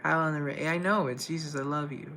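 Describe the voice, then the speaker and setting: Gravelly-voiced man chatting on a live stream. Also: on the high side, steady tone, fairly quick, pushed and bright, slight background noise, poor audio. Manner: chatty, greets viewers and answers chat comments. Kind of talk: casual live stream chat.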